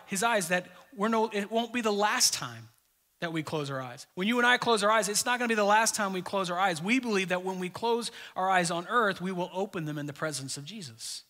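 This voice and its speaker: A man preaching a sermon to his congregation in a conversational, joking way, often dropping suddenly to a soft voice. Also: sits high. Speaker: pastor.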